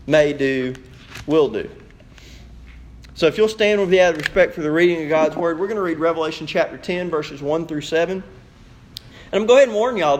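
A man preaching a sermon as pastor, emphatic and conversational. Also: fairly high pitch.

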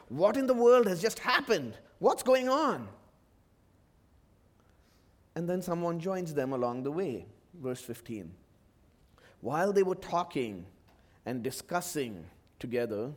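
Expressive high-voiced male preacher. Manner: expressive, acts out the disciples' voices. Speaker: pastor. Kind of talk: sermon.

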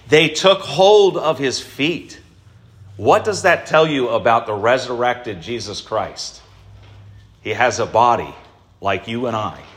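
A male pastor giving an Easter sermon, preaching in a deliberate, emphatic way and lifting his voice for stress. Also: on the low side, fairly bright tone.

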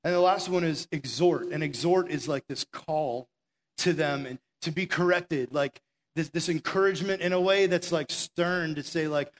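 A man preaching a sermon from a stage, energetic and conversational, full of rhetorical questions and the word "like". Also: fairly high pitch, moderate pace. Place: stage before an audience.

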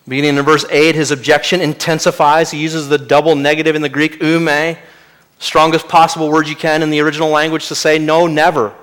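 A male pastor preaching an expository sermon. He often drops to a quiet, weighty voice for key lines. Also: a little high.

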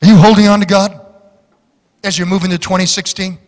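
A man preaching a fiery sermon as pastor, building to shouts. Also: high-pitched, flat delivery, fairly quick. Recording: large hall reverb.

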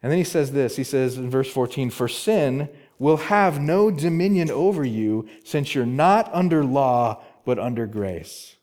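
A man's voice: mid-range voice, lively intonation, unhurried, few pauses, a little mellow. A male pastor preaching an expository sermon, emphatic, repeating key words and asking rhetorical questions.

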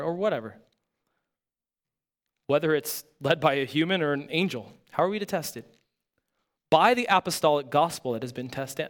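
A pastor preaching a sermon in an earnest, emphatic way, asking his listeners rhetorical questions. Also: a little high.

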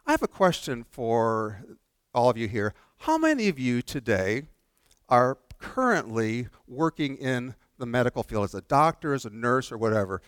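Earnest male pastor with lively pitch. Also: normal speed, clean tone, no room sound, studio quality. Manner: earnest, repeats phrases for emphasis. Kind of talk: sermon. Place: church sanctuary.

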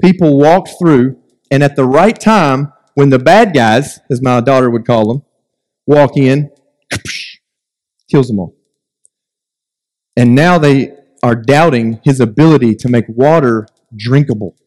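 A man preaching a sermon as a pastor, animated, with joking asides and mock voices of complainers. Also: mid-range voice. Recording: long hall reverb.

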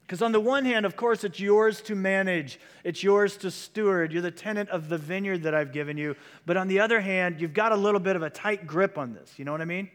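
A man's voice: sits high, normal speed, a bit bright, clear, resonant tone. A man preaching a sermon as pastor, in a conversational style that moves into quoted voices. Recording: long hall reverb.

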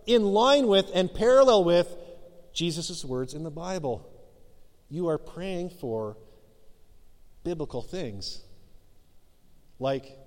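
A man in his forties preaches a sermon in a casual, self-mocking way and builds to earnest urging. His voice sits a little high. The sound carries a long reverb, as if recorded in a large church hall. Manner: conversational, self-deprecating, rises to emphatic exhortation. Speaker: pastor.

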